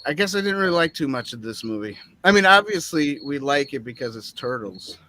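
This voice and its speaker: A man's voice: medium pitch, sing-song, a little fast, pushed and bright, no echo. A man on a movie review panel, chatting casually in a rambling, hesitant way full of fillers. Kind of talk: casual chat. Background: crickets chirping.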